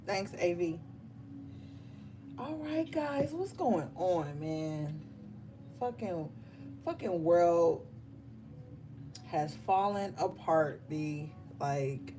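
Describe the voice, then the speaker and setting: A woman's voice: fairly low pitch, sing-song, extremely slow, long pauses. A woman tarot reader chatting casually and bluntly on a livestream, swearing and laughing often. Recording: music playing behind.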